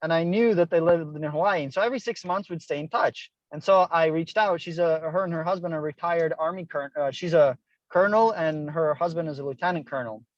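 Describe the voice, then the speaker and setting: A man's voice: fairly high pitch, fast talker, no room sound, highs cut off. A middle-aged man, a guest author, telling a personal story with earnest feeling and acted-out dialogue. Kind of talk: interview storytelling. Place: Hilo, Hawaii.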